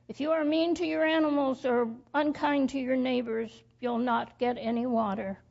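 A woman's voice: high-pitched, fairly even intonation, normal speed, creaky, a little mellow. A woman doing a stern, fault-finding waterman. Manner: stern, demanding announcements. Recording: dull lo-fi recording.

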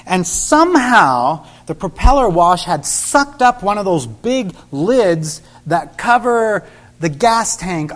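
A middle-aged man preaching, telling a personal story and acting out the dialogue with sudden loud bursts. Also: sits high. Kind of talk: sermon storytelling.

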